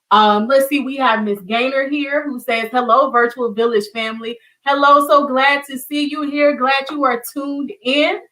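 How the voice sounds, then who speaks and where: A woman's voice: on the high side, recorded from a distance, poor audio. Encouraging Southern woman hosting online. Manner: warm, encouraging, addresses viewers as y'all. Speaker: online community show host. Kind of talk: casual livestream teaching.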